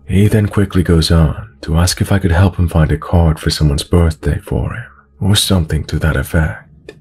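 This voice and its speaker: Male horror narrator: very low, husky, slow and measured, soft music bed. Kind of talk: scripted horror story narration. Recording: narration over background music.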